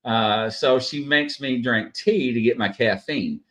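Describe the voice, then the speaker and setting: A man's voice: mid-range voice, a little slow, fairly bright tone. A man hosting a casual live stream, chatty and full of "uh" fillers, greeting viewers by name. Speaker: host.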